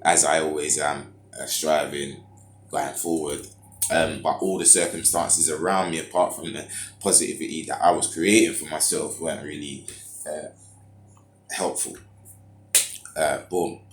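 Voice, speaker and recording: A man's voice: rumbling low, steady tone, measured pace, long pauses, faint music behind. A man telling a rambling personal story in slangy, loose talk full of fillers. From United Kingdom. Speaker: vlogger. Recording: echoey room.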